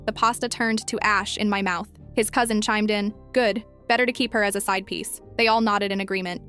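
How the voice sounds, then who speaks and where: A woman narrating a first-person story in an even, measured way. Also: medium pitch. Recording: faint music underneath.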